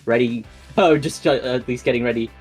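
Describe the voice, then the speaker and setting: A man's voice: mid-range voice, slightly rough, soft background music. A man commentating an online video game tournament live, calling the action and laughing along. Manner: rapid excited play-by-play, laughing. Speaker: esports commentator. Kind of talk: play-by-play commentary.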